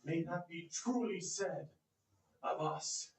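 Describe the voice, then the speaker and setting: Animated male storyteller in an echoey room. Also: takes it slowly, vocal fry. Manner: animated, voices characters with big pitch swings. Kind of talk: theatrical one-man storytelling.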